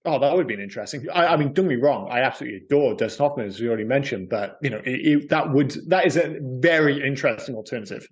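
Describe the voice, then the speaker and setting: A man's voice: mid-range voice, lively intonation, rapid-fire, few pauses. A man co-hosting a film podcast, joking, swearing and laughing often in casual chat. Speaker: podcast co-host.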